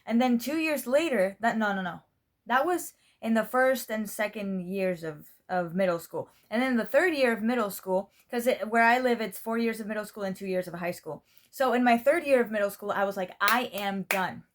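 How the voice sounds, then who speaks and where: A woman's voice: a little high, normal speed. A young adult woman from Spain, a native Spanish speaker who speaks English with an American-style pronunciation. She talks candidly and ramblingly to the camera, repeating "you know what I mean" and swearing freely. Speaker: vlogger. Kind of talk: casual talk to camera.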